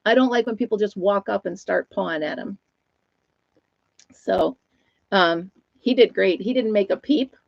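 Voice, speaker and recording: A woman's voice: mid-range voice, unhurried, gravelly, pauses often, no echo, lo-fi sound. A middle-aged woman with an Upstate New York accent, hosting a casual live chat, laughing often and talking to her dog and viewers. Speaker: livestream host.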